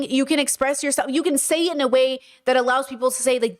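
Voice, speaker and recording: A woman's voice: sits high, brisk. A woman hosting a live stream, speaking earnestly and with passion to her chat. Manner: earnest, impassioned, lecturing. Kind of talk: livestream commentary to chat.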